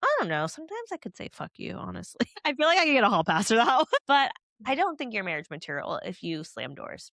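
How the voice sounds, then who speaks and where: A woman's voice: medium pitch, very animated, fast, gravelly, few pauses, fairly bright tone, no echo, studio quality. A young woman co-hosting a podcast in casual chat, chatty with lots of fillers and laughs. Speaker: podcast co-host.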